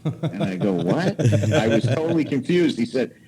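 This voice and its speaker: A man in his forties, a guest cigar maker, telling stories in a casual, animated way and acting out quoted voices. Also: medium pitch, brisk, slight background noise, rough recording. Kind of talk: casual storytelling.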